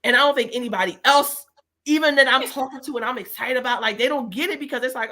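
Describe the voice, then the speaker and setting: Chatty, bright-voiced woman co-host. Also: high voice, fast. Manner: animated storyteller, chatty with many fillers. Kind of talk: casual money talk.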